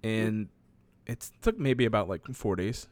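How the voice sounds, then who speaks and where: A man's voice: fairly low pitch, lively intonation, unhurried, dry recording. A man in his late twenties co-hosting a podcast, chatting in a laid-back, chuckling way. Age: late 20s. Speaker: podcast co-host. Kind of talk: casual chat.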